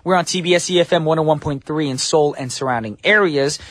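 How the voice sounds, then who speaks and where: A man's voice: fairly high pitch, fast, fairly bright tone, no room sound. A young man hosting a morning radio show in a studio, chatty and joking as he talks to listeners.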